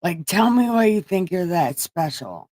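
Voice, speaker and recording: A woman's voice: on the low side, big pitch swings, a little slow, darkish tone, dry recording, studio quality. A woman quoting an irritated, sarcastic man in her own voice while retelling a story. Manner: sarcastic, dismissive.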